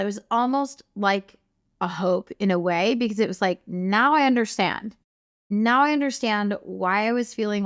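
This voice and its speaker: A woman's voice: medium pitch, clean tone. A woman guest telling her personal story in an earnest, passionate way, her voice lifting with emotion. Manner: earnest and passionate, voice rising with feeling. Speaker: guest, wellness clinic founder.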